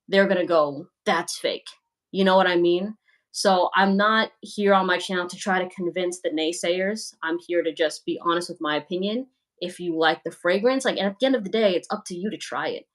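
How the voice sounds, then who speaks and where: A young woman hosting a fragrance livestream, chatting candidly with viewers, reading comments and acting out quoted voices. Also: lowish voice. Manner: candid, talkative, quick asides and animated quoted voices. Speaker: fragrance channel host on a livestream.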